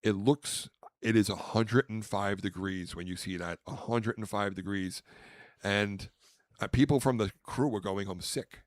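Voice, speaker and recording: A man with a fairly low voice tells a rambling comic story on a podcast, getting louder and more animated as he acts out the people in it. The recording is close and dry. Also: measured pace, dry recording. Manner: animated, acts out quotes loudly. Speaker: podcast co-host, comedian. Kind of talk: casual storytelling.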